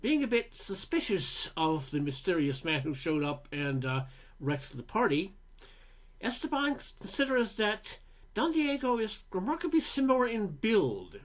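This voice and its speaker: Field: wry Canadian film critic narrating. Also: male voice, high voice, unhurried. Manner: relaxed, wry, with fillers. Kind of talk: casual review narration.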